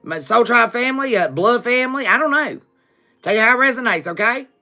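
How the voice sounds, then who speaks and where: A tarot reader on a livestream setup, her voice fairly high, bright and forceful, with lively intonation and a slightly quick pace. She chats familiarly with viewers, calling them "baby" and "boo," ending lines with "okay?" and laughing often between remarks. Faint music plays behind her.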